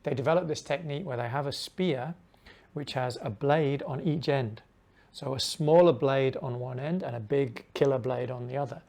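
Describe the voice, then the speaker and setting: A middle-aged man telling a travel story in a relaxed, conversational way. His voice sits at an ordinary mid pitch, and he drops to a near whisper whenever he acts out the dialogue. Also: normal speed, gravelly. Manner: animated anecdotal telling, acts out dialogue in hushed asides. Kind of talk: casual storytelling.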